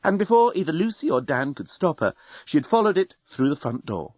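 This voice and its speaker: A man narrating an audiobook with expressive storytelling. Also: on the high side, a little fast, breathy edge, dry recording. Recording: dry, dull studio recording.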